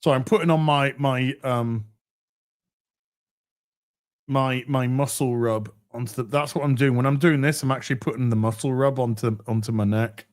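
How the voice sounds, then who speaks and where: A middle-aged man hosts a live stream, talking casually to viewers in a mid-range voice with fairly even intonation at a moderate pace. He swears freely and keeps restarting his phrases.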